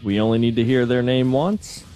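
A man working as video producer on a sports talk show, explaining a trivia game in a relaxed, matter-of-fact way. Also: mid-range voice, moderate pace, faint music behind. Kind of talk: casual sports talk radio.

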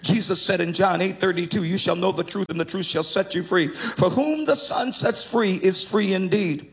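A man's voice: sits high, moderate pace. A man preaching a sermon, emphatic and sometimes lifting his lines into a half-sung cadence.

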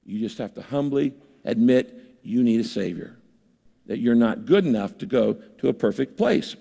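A man's voice: medium pitch, expressive, normal speed, creaky, dark tone, slightly rough. An older man preaching a sermon as pastor, conversational, acting out the voices of people he quotes. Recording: reverberant hall.

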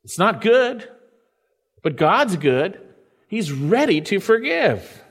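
A pastor preaching a sermon, swinging between loud and soft and slowing down to stretch out quoted scripture. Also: male voice, high voice, sing-song, slightly rough, long reverb tail.

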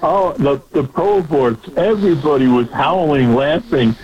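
A man's voice: fairly high pitch, measured pace. A man telling a story in casual chat with a plain, chatty delivery. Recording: dull lo-fi sound.

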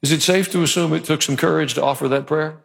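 A man's voice: a little high, steady tone, quick pace, creaky. A male pastor preaching a sermon in church, in a conversational, joking manner. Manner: conversational and joking, acts out quotes.

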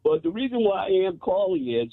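An excited male caller on a tinny, dry phone line, speaking in a high voice. He laughs a lot and rattles on in casual slang. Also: a little fast, no echo.

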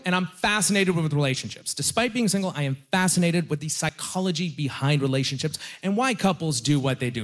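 A young man performing a stand-up comedy set, telling self-deprecating stories in a conversational way with pauses for punchlines. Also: on the high side. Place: comedy club stage with audience.

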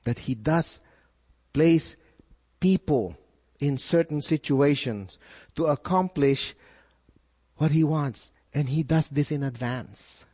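A male pastor preaching a sermon, with animated delivery, sudden rises in pitch and frequent repeated words. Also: slow pace, pauses often, big-room sound.

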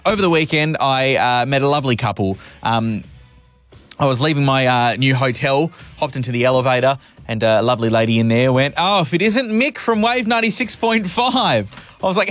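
A man's voice: mid-range voice, fairly bright tone. Aussie radio guy yakking away, laughing at himself, faint music under him. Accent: Australian. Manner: chatty, self-mocking storyteller. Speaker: radio host. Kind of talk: casual radio chat.

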